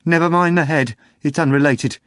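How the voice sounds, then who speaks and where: A man's voice: mid-range voice, steady tone, moderate pace, no room sound, clean studio sound, pitched above the performer's own voice, close to an everyday voice. A man reading an audiobook, voicing a panicked middle-aged male bartender who begs and pleads in a raised, frantic voice. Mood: frantic pleading. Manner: frantic, begging.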